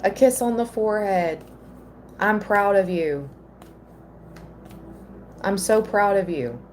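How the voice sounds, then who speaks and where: A woman giving a live tarot reading, slow and earnest, at times emotional. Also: medium pitch, a little hiss or hum. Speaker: tarot reader.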